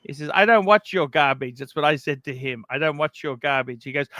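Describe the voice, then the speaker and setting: A man's voice: a little high, fairly quick, hardly any pauses, pushed and bright, dry recording. A man hosting a casual livestream, animatedly retelling a feud. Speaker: livestream host.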